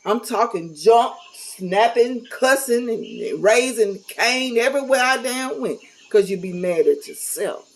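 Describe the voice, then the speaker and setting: A woman's voice: fairly high pitch, expressive, measured pace, hardly any pauses, slight background noise, poor audio. A middle-aged woman talking casually to camera, candid and blunt, with a folksy, preachy manner. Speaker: vlogger.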